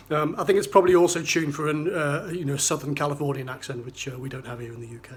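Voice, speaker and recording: Talking fast with fairly even intonation, a man whose voice is on the high side reviews a running shoe in a casual, chatty way. He has a slight Geordie accent from North East England, uses lots of fillers and restarts, and the audio echoes in the room.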